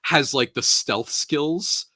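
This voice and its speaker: A man in casual podcast chat, retelling a movie plot with animated, running storytelling. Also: fairly high pitch, slow, no echo, studio quality. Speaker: podcast speaker.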